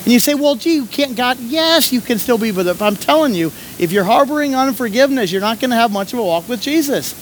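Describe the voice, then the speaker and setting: A man preaching and telling a story, animated, shouting when he acts out scenes. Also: very high voice, fast, few pauses, a little hiss or hum. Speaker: pastor and coach. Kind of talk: sermon with storytelling.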